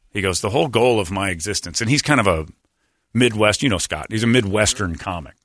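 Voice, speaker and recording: A man's voice: on the low side, lively intonation, brisk, fairly bright tone, no echo, clean studio sound. A middle-aged man hosting a radio show, talking in a blunt, sarcastic, rambling way. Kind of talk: casual talk radio banter.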